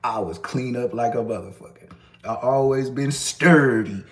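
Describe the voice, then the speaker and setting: A man's voice: medium pitch, moderate pace, echoey room. A man in his thirties telling stories in casual street slang, acting out other people's lines as he goes. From Los Angeles area. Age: 30s. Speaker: storyteller. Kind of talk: casual storytelling.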